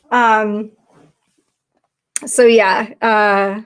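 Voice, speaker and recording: A woman's voice: a little high, steady tone, unhurried, fairly bright tone. A woman hosting a casual livestream, talking chattily and rambling with lots of fillers into her computer mic. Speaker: livestream host.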